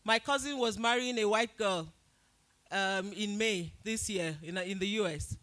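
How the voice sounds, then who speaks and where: A Nigerian woman speaking to an event audience as its host, telling a story with lively, loud acted-out quotes. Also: mid-range voice, measured pace. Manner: animated storytelling, acts out quotes loudly. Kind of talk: speech at a live event.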